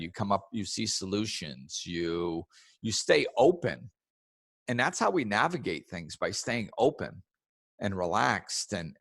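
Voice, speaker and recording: A man hosting a casual spiritual self-help podcast, talking in a relaxed way and acting out other people's words in raised voices. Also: on the low side, gravelly, no room sound, studio quality. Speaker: podcast host.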